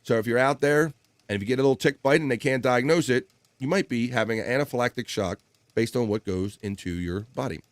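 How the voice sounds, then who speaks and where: This livestream host is a middle-aged man who chats in a loose, rambling way full of fillers while reading comments from viewers. He speaks fast in a mid-range voice, with no room sound in the recording.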